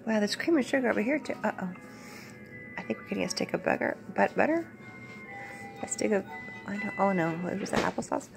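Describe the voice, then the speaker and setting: A woman's voice: mid-range voice, expressive, fairly quick, gravelly, long pauses, music in the background. A middle-aged woman, a mother playing a pretend tea party with her child, talking in a gushing, playfully formal and polite way.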